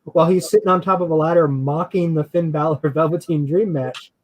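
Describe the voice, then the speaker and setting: High-voiced man chatting and laughing. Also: steady tone, fairly quick, darkish tone, rough recording. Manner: laughs often, hedging and rambling. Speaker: podcast co-host. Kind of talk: casual chat.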